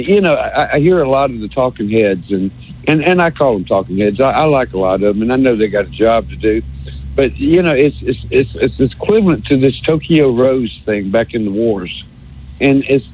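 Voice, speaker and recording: A man's voice: medium pitch, slightly rough. A man calling into a radio show, rambling and sarcastic, stammering over repeated words on a phone line. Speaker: radio call-in caller. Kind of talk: rambling call-in rant. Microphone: telephone.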